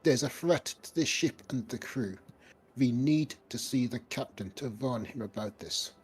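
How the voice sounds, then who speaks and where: A man's voice: medium pitch, measured pace, darkish tone, husky. A man playing a tabletop game, speaking formally in character. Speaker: player.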